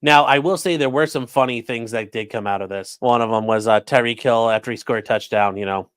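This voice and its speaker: A man's voice: mid-range voice, a little fast, a bit bright, smooth, no echo. A man hosting a live stream, giving casual, sarcastic and profane commentary that rambles along. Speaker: streamer host.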